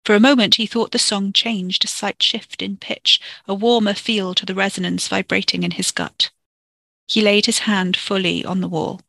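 A storyteller reading a dark fiction chapter in a steady, measured way into a close microphone. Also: medium pitch, creaky, no echo. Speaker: podcast storyteller. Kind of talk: audiobook-style fiction narration.

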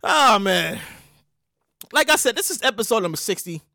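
A man hosting his own podcast, telling a story in an excitable, slangy and profane way. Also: sits high, normal speed, creaky, no echo, clean studio sound. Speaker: podcast host. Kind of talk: casual comedic podcast monologue.

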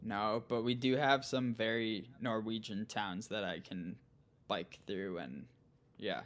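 A young man from Minnesota, a guest on a podcast, talking casually and relaxed, laughing easily. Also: on the low side, slow. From central Minnesota, US. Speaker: guest, pro cyclist. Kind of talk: casual interview chat.

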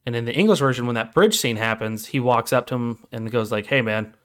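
A man co-hosting a podcast in casual chat, profane and retelling scenes with quick acted quotes. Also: mid-range voice, lively intonation. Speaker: podcast co-host.

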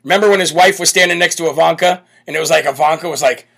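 A man's voice: a little high, fast, gravelly, fairly bright tone, breathy edge. A man hosting a live political commentary show, speaking in a brash, bold, emphatic way. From United States. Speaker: political talk show host.

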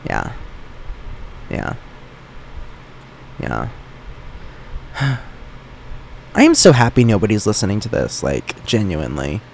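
Rambling young man with lively pitch. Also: takes it slowly, gravelly, long pauses, a little hiss or hum. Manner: rambling, self-mocking and playful. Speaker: podcast host. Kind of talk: solo podcast monologue. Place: his bedroom. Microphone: microphone in his room. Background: faint fan running.

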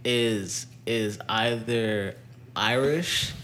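A man's voice: on the low side, extremely slow, a bit bright. Laid-back man co-hosting a casual podcast. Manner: laid-back, crude slang, laughs often. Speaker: podcast co-host. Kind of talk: casual chat.

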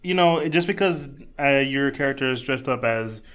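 Joking man at a middle pitch. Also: normal speed, fairly bright tone, clean tone. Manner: joking, teasing quips. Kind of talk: casual chat.

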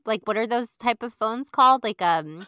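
Bright-voiced woman laughing through a recap. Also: a little high, normal speed, clear, resonant tone, no echo, clean studio sound. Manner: animated storytelling, acts out quotes, laughs often. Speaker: podcast co-host. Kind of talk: casual recap chat.

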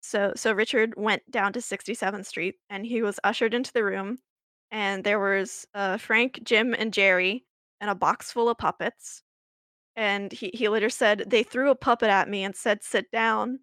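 A woman's voice: medium pitch, steady tone, moderate pace, fairly bright tone, no echo, clean studio sound. Chatty woman telling a story. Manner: chatty, laughing, many fillers and restarts. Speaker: podcast co-host. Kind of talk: casual chat, storytelling.

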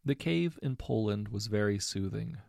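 A man narrating a fan fiction audiobook in a steady, wry storytelling manner. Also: fairly low pitch, moderate pace, vocal fry, no echo, studio quality.

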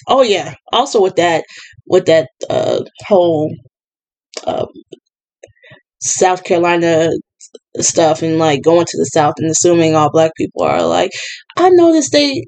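A woman's voice: mid-range voice, a little mellow, low-quality recording. Woman ranting on her vlog, sarcastic, lots of um and like. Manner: exasperated, sarcastic, many fillers. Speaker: commentary vlogger. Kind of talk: casual political commentary.

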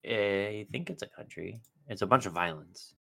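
A man's voice: lowish voice, animated, moderate pace, gravelly, fairly bright tone, dry recording. A man co-hosting a podcast in casual chat, making dry joking quips. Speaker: podcast co-host.

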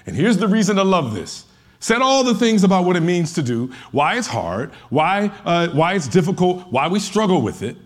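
A man preaching a sermon in a slightly high voice. He talks conversationally, slips into the voices of churchgoers to make his point, and climbs at times into emphatic shouts. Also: big pitch swings, moderate pace. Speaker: pastor.

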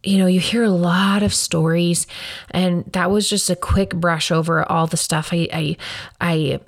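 A woman's voice: on the low side, steady tone, unhurried, dry recording, clean studio sound. A woman in her thirties, a podcast host, talking earnestly and reflectively about her own life in a casual way. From Wyoming, US. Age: 30s. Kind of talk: personal casual talk.

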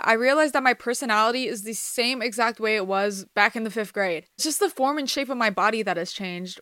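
An eighteen-year-old woman hosts a confessional podcast. Her voice is bright and a touch high, recorded dry and close. She talks candidly, swears freely, and swings from quiet reflection to sudden emphasis. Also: dry recording. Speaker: podcast host. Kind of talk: personal confessional monologue.

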